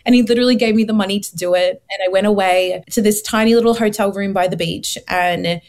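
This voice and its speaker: A young woman, telling her faith story as an interview guest, earnest and animated, acting out her past thoughts. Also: medium pitch, quick pace. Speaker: guest sharing her testimony. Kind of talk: emotional personal testimony.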